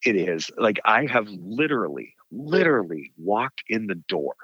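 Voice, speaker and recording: A low-voiced man tells ghost stories with lively, swinging delivery and a bright edge. The sound is dry and a bit dull, as if recorded on modest gear. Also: measured pace, breathy edge, no echo. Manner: animated storyteller, laughs often. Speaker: caretaker of a haunted site. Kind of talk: casual interview chat.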